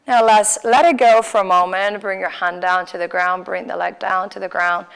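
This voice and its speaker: A woman with a Mexican Spanish accent, guiding a yoga class with calm, slow cues for breath and poses. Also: medium pitch, gravelly, clear, resonant tone. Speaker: yoga instructor. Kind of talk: guided yoga class instruction.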